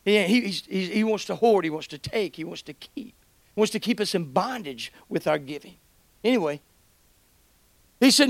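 A middle-aged man, preaching an animated testimony, shouting praise and quoting conversations. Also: fairly high pitch, brisk, no echo. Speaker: guest preacher. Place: church.

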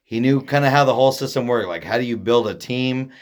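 A man in the middle of an ordinary pitch range co-hosts a laid-back podcast, drifting between jokes and half-finished thoughts. He is from Oregon and keeps a loose, rambling chat going as he talks. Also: quick pace. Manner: rambling, joking, trails off mid-sentence. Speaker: podcast co-host. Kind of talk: casual chat.

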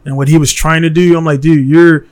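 Man, from Baltimore, podcast host, blunt and heated, keeps saying man, slightly high voice, studio recording. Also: steady tone, quick pace. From Baltimore, USA. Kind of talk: casual podcast conversation.

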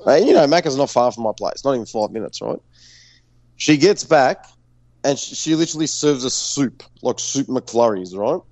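Brief: Australian male podcast co-host, lively sweary storyteller, dry close recording. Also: medium pitch, normal speed, no echo, dull audio. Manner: animated, profane, storytelling. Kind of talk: casual sweary banter.

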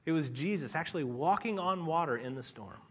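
A male pastor preaching a sermon and leading prayer, swinging between loud urgency and hushed softness. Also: a little high, expressive, fairly quick, husky. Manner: leads prayer.

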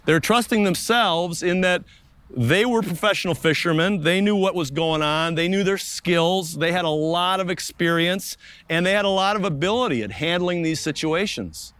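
A young man preaching a sermon outdoors in a park. His voice sits a little high for a man, and he talks earnestly, stretching out key words with slow pauses. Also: fairly bright tone, dry recording. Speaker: pastor.

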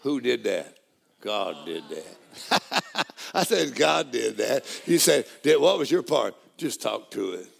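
Gravelly-voiced man preaching with fervor. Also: sing-song, takes it slowly. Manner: call-and-response preaching, swings from low murmurs to shouted praise. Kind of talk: sermon.

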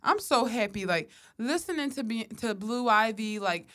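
A woman co-hosting a podcast in casual, slangy chat, animated and often laughing. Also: on the high side, moderate pace. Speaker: podcast co-host.

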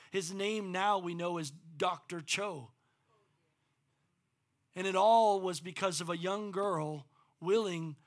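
Middle-aged male pastor, slightly higher voice, moves between fervent preaching and soft anecdote. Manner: swings from loud preaching to quiet storytelling. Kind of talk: sermon.

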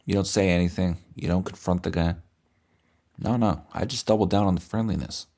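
A man hosting a comedy podcast, telling a crude, deadpan, rambling comic story. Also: low-pitched, fairly quick.

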